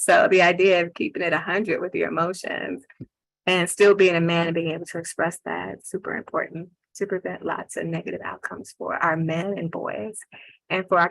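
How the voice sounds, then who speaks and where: A woman's voice: on the low side, steady tone, normal speed, vocal fry, no room sound, poor audio. A woman on a panel discussion who tells stories animatedly and often slips into the voices of the people she quotes. Her sound is dry and close, with no room around it.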